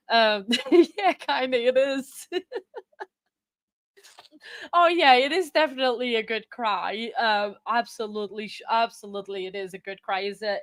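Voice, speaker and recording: A woman hosting a casual live stream, chatting in a rambling way with frequent restarts and thanking viewers warmly. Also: medium pitch, no room sound. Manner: effusive, thanks viewers often.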